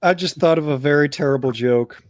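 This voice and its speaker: A man's voice: on the high side, a little fast, no room sound, studio quality. Joking man reading live chat. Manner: loose, joking, stumbles and repeats words. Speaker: livestream co-host reading chat. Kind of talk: casual livestream chat.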